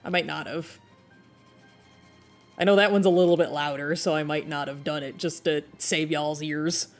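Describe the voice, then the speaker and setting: A woman's voice: low voice, fairly even intonation, normal speed. A woman chatting casually with her live-stream viewers while she draws, laughing often. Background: video game music playing.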